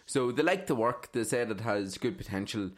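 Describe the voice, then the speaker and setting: A young man, a podcast co-host, chatting casually, animated, swearing and laughing often. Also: medium pitch, normal speed. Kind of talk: casual chat.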